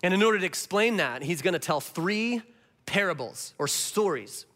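A male pastor preaching an animated sermon, swinging between loud emphasis and hushed asides. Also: high-pitched, normal speed.

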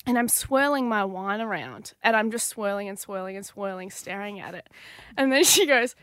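A woman's voice: mid-range voice, expressive, moderate pace, a bit bright, clear, resonant tone, dry recording, studio quality. A woman co-hosting a radio show, chatty and giggly in casual talk. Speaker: radio co-host.

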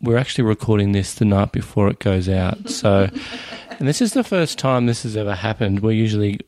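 Lower-voiced wry male co-host. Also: fairly quick. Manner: relaxed, wry, with fillers. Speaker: podcast co-host. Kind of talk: casual podcast chat.

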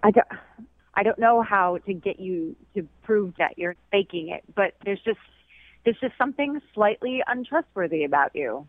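A woman's voice: medium pitch, animated, moderate pace, dry recording. A woman calling in to a radio show, blunt and mocking in her disbelief. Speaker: caller. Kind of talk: phone call on a radio show. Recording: tinny phone line.

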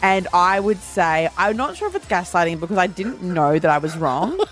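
A woman's voice: lowish voice, moderate pace. A woman co-hosting a radio show, bantering casually in a playful, giggly way. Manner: playful, giggly, animated storytelling.

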